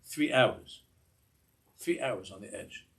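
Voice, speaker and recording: A man's voice: on the low side, lively intonation, slow, gravelly, a bit bright. An older man teaching a Torah class in a discursive way, often repeating words and mixing in Hebrew phrases.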